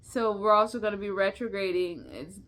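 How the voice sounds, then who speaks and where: A woman's voice: medium pitch, brisk, a bit bright. A young woman chatting casually in an unscripted vlog, rambling, restarting her words and laughing often. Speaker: vlogger.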